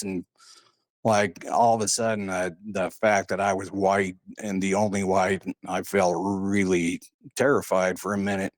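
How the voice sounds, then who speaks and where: A man's voice: low voice, flat delivery, unhurried, no echo, clean studio sound. A man telling a personal story in a casual, rambling way, full of "uh" and "and, uh". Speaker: guest recounting a paranormal experience.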